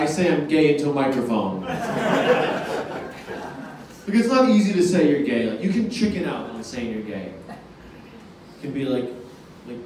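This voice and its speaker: Deadpan young male stand-up in echoey club. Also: a little high, distant mic, background noise. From Boston area. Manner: deadpan one-liners with long pauses. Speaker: stand-up comedian. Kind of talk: stand-up set. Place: comedy club stage. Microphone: handheld stage mic.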